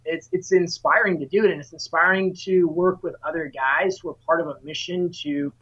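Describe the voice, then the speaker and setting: A man's voice: a little high, fairly even intonation, brisk, a bit bright, husky. A man being interviewed as a guest, speaking earnestly and with passion about his work. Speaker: guest, solar sales dealer. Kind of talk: interview answer. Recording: slightly dull lo-fi audio.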